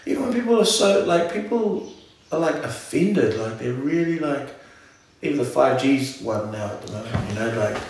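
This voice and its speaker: A man in casual chat, animated and slangy, often cutting himself off mid-thought. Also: mid-range voice, moderate pace. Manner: animated, slangy, self-interrupting. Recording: echoey room.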